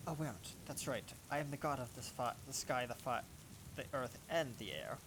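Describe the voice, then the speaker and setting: A man voicing a giant male lightning god creature who speaks slowly and imperiously in a whispery voice, with rain heard behind. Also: mid-range voice, close to an everyday voice. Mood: lofty. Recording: rain and thunder noise behind.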